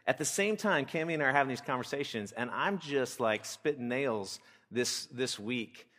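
A man's voice: mid-range voice, lively intonation, normal speed, fairly bright tone. A man in his forties, a pastor teaching parents, who talks candidly and conversationally and asks his listeners rhetorical questions. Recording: long reverb of a church hall.

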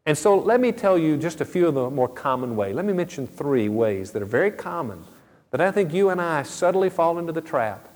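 A middle-aged man preaches a sermon in an earnest, conversational way and slips into homely storytelling asides. His voice sits at an ordinary pitch for a man. It carries a long reverb that rings through a large hall. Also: a little mellow. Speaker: pastor.

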